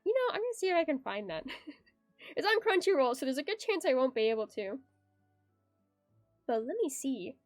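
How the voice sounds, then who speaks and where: A woman's voice: high-pitched, very animated, fairly quick, long pauses, dry recording. A young woman streaming her art at home, chatting casually in a bubbly, giggly way and reading her chat aloud. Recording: dry close sound with faint background music.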